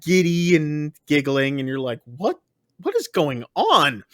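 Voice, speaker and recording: A man's voice: fairly high pitch, wildly swooping pitch, a little slow, dry recording, studio quality. A man co-hosting a casual film review podcast, retelling the plot scene by scene and briefly acting out the characters' lines. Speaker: podcast co-host.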